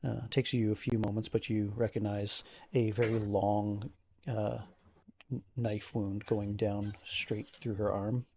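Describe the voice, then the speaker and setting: A man narrating as game master of a tabletop game in a casual, halting way with many fillers. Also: lowish voice, little pitch movement, mellow, slight background noise.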